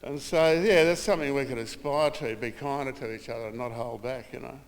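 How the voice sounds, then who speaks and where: A man's voice: mid-range voice, brisk. An older man with an Australian accent gives a eulogy for his mother, telling family stories, acting out the voices he quotes and chuckling as he goes. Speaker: son giving a eulogy. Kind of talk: funeral eulogy with anecdotes. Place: small funeral room. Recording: reverberant room with long echo.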